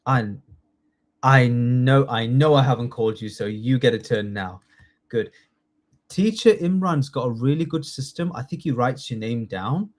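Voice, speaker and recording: A man's voice: medium pitch, measured pace. Chatty man running a live quiz lesson. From United Kingdom. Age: 30s. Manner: chatty, jokey, reads out multiple-choice options and praises students by name. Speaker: citizenship test tutor.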